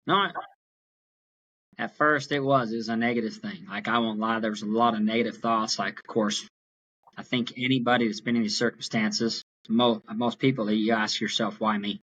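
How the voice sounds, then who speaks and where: Bright-voiced young man telling his story. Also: fairly low pitch, normal speed, highs cut off, a little hiss or hum. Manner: earnest, animated retelling with acted quotes. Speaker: guest. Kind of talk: storytelling in an interview.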